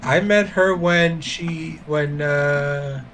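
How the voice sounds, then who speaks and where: Man player, a bit high, thinks aloud, faint hiss behind. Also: very slow, a bit bright. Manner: unsure, searching for memory aloud. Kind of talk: casual tabletop game play.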